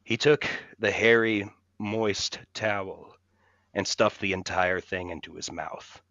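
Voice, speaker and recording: A man's voice: low voice, slow, gravelly, bright, forceful tone, no room sound. A man co-hosting a podcast, reading a comedic story aloud in a mock-serious storytelling manner. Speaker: podcast co-host. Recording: dull lo-fi mic.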